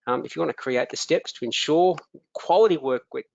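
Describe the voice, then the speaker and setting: A man's voice: a little high, a little fast, gravelly, no echo. An Australian man hosting a live webinar as a business coach, upbeat, greeting attendees by name with frequent ums. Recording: dry, dull lo-fi webinar audio.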